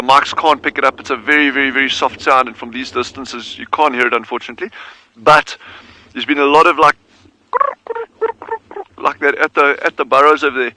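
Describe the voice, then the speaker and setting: A man guiding a live wildlife broadcast outdoors, talking in a relaxed, chatty way and laughing easily. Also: mid-range voice, slight background noise, low-quality recording. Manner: easygoing, chatty, laughs readily. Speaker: wildlife guide. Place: outdoors near meerkat burrows.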